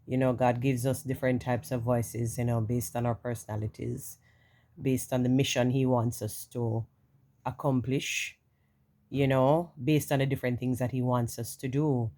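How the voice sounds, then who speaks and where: A woman with a Jamaican accent and a naturally deep voice, froggy and rough from the morning, rambling casually to her followers with many "you know"s. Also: level tone, normal speed, mellow. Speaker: vlogger. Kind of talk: casual talking-to-camera monologue.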